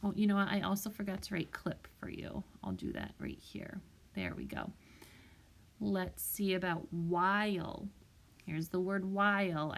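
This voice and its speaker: Teacher lady doing a kids spelling lesson, super slow and careful, sounds every word out. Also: mid-range voice, animated. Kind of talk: recorded spelling lesson for young children. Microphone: tablet microphone.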